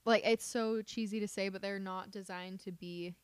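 Woman cohost just chatting, says like a lot, smooth clear voice, dry close sound. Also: medium pitch, fairly even intonation, normal speed, no room sound. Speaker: podcast co-host. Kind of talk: casual chat.

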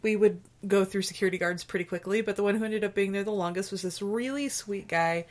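Female podcast co-host, chatty and animated storyteller. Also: medium pitch, fast talker. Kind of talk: casual chat, storytelling.

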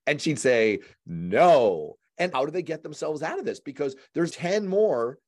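A man hosting a casual political panel, animated and jokey, acting out mock phone calls. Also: on the high side, moderate pace. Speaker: host.

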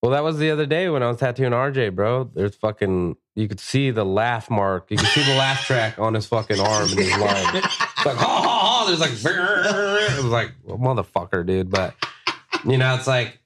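A man, a tattoo artist, chatting casually on a podcast with profane, animated storytelling. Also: mid-range voice, moderate pace, heavy background noise.

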